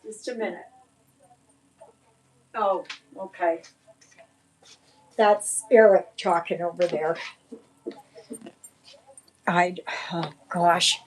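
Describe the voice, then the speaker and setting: A woman's voice: lowish voice, very slow, long pauses, slight background noise. A woman hosting a casual livestream, rambling in a shaken, indignant way. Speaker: livestream host.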